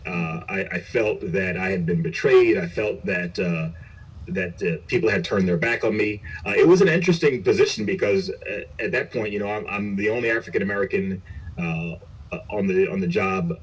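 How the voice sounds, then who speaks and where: A middle-aged police chief tells his story in an interview, earnest and reflective, often restarting his sentences. His voice is lowish, brisk, and slightly rough. It was picked up from a distance.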